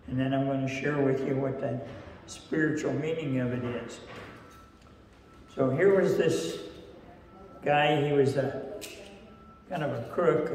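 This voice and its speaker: A man preaching a folksy sermon at a rehab center, telling a joke story in a slow, plain-spoken way. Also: mid-range voice, darkish tone, a little hiss or hum. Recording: echoey hall from far off.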